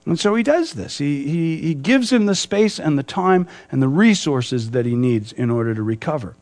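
A man's voice: a little high, animated, normal speed, a little mellow. A man preaching a sermon, reading scripture and explaining it with many restarts and acted quotes. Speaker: pastor.

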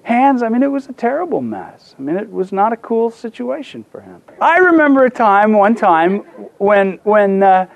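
A man's voice: sits high, big pitch swings, moderate pace, gravelly. A man preaching a sermon, telling a personal story with self-deprecating humor and frequent restarts. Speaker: pastor.

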